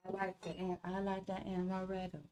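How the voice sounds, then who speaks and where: A woman's voice: mid-range voice, completely flat delivery, a little fast, darkish tone, a little hiss or hum. A woman co-hosting a casual livestream chat, swearing freely and laughing often. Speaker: podcast co-host.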